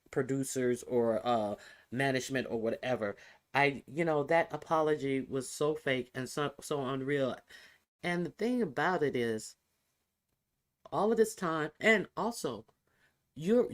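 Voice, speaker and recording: A man hosting a casual reaction commentary, halting, with many fillers and restarts. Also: fairly high pitch. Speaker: commentary video host.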